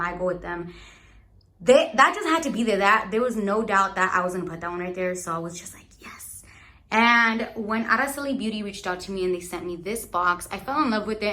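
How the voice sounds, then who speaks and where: A young beauty vlogger gives a casual room tour, rambling, searching for words, and sounding a bit out of breath. Her mid-range voice is bright with a forceful tone.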